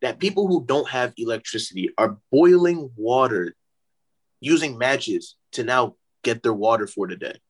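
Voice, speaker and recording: Nigerian male co-host, husky tone, heated and emphatic podcast talk. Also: mid-range voice, lively intonation, normal speed. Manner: impassioned, emphatic, repeats points for effect. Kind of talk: casual chat.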